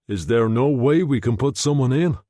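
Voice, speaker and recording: A man reading a novel aloud, voicing an agitated wartime general who speaks in a slow, grave way. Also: medium pitch, expressive, dark tone, no echo, clean studio sound, natural voice. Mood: urgent.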